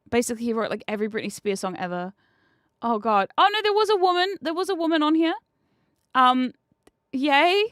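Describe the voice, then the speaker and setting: A young woman, British by birth, chatting and swearing through a game stream as a VTuber host. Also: on the high side. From Britain. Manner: chatty, swears, bursts of frustrated shouting. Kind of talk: casual gameplay commentary.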